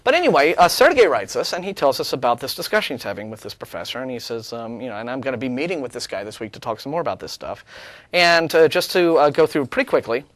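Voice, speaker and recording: Animated, sarcastic man on a talk show. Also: medium pitch, quick pace, no echo. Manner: animated, sarcastic, many restarts. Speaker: co-host. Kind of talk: casual studio discussion.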